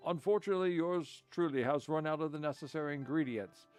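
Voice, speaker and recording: A shifty tea stall vendor from a fantasy game pitches his wares with slick salesman's patter, as a man reads him out. The voice stays close to the reader's own fairly high register. Faint game music plays behind. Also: fast talker, darkish tone, lightly acted. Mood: salesy.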